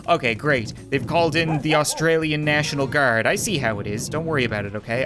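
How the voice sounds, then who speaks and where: A man's voice: a little high, moderate pace, music in the background. A man doing comedic let's-play commentary, sarcastic and mock-indignant, laughing often. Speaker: gaming YouTuber.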